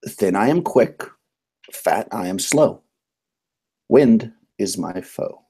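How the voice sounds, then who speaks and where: Stern riddling statue, played by a man, unhurried, deep and husky. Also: lively intonation, dark tone, exaggerated voice. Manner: slow, measured riddle recital. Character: stern ancient riddle-telling magic statue.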